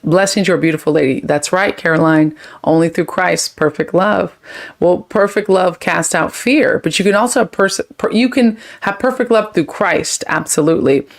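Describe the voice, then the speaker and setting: A woman's voice: fairly low pitch, creaky. A woman hosting a live chat stream, talking casually and effusively as she reads viewer comments and thanks them. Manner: quick, chatty, drifts between topics. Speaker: livestream host.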